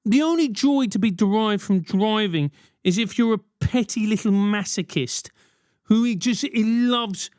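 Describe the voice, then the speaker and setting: A man's voice: high-pitched, measured pace, a little mellow, smooth, no room sound, studio quality. A man in his forties hosting a solo podcast, ranting animatedly with swearing and mock voices. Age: 40s. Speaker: podcast host.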